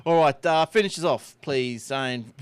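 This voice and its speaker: A man's voice: mid-range voice, smooth, no room sound. Dry-sounding man hosting a podcast. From Australia. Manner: chatty, laughs often, quick asides. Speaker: podcast host. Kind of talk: casual chat.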